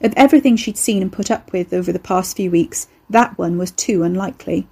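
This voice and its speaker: A woman reading a novel aloud as narrator in a measured, even storytelling way. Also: medium pitch, creaky, slightly rough. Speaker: audiobook narrator. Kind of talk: scripted narration.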